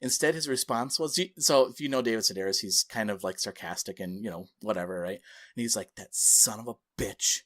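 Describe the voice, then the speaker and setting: A man's voice: lowish voice, fast, a bit bright. A man co-hosting a podcast who tells a story with animation and acts out the people he quotes. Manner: laughs between phrases while telling a story. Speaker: podcast co-host.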